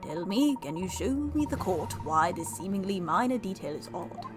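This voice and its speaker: A woman voicing a calm, formal male professor in a game playthrough, speaking slowly and deliberately. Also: mid-range voice, lightly acted. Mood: measured. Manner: slow, deliberate, formal phrasing. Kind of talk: voicing game dialogue while streaming. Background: game music.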